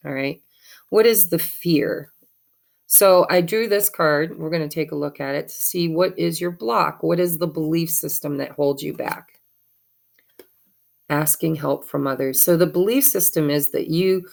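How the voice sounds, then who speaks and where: A woman's voice: low voice, vocal fry, darkish tone. A woman giving a chatty, encouraging tarot reading with spiritual advice. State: has the hiccups. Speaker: tarot reader.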